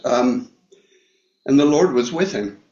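A man preaching a Bible study sermon, talking slowly with many fillers and restarts. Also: medium pitch, animated, dark tone. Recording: echoey room, dull lo-fi sound.

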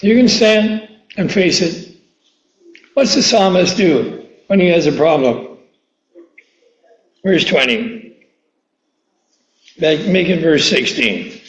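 Slow, emphatic preacher with a high voice. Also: male voice, animated, reverberant, low-quality recording. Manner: slow and emphatic, drawing out quoted verses, asking questions. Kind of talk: sermon.

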